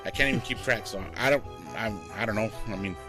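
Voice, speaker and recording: A man co-hosting a podcast, talking casually with lots of slang and quick restarts. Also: on the low side, soft background music. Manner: lively, casual slang-heavy talk with "bro" and restarts. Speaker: podcast co-host. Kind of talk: casual chat.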